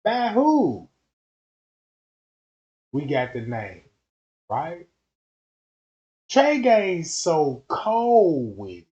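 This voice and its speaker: A man's voice: a little high, wildly swooping pitch, extremely slow, long pauses, mellow, muffled recording. A man hosting a casual commentary stream, slangy and emphatic, repeating himself as he builds up his points. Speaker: YouTube commentator.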